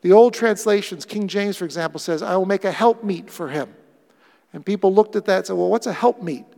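A man preaching a sermon as pastor, animated, acting out quoted lines with playful voices. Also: high voice, fairly quick, creaky, in a large hall.

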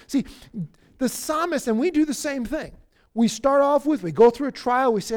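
A man preaching a sermon who acts out the psalmist's cries, swinging from loud outbursts to near-whispers. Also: very high-pitched, lively intonation, moderate pace. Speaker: pastor.

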